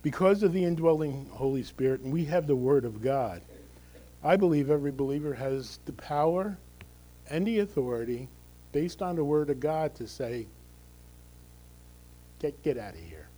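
A man's voice: a little high, normal speed, dark tone, rough recording. A male pastor giving a conversational, emphatic sermon, often checking in with the congregation through tag questions.

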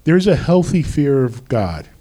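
A man preaching a sermon as pastor, slow and deliberate with emphatic rises. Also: medium pitch, sing-song, warm tone.

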